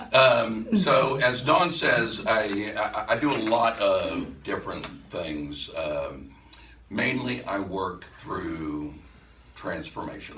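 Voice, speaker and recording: A man presenting at a workshop, telling a story to a live audience in an animated way and laughing as he goes. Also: deep voice, background noise. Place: event room at a center. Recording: echoey room, mic some distance off.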